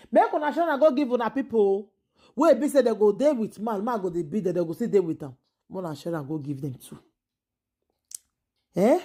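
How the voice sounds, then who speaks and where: A Nigerian woman speaking Pidgin English, giving an exasperated vlog commentary. She keeps repeating phrases and swings from loud outbursts to low asides. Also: husky. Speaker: vlogger.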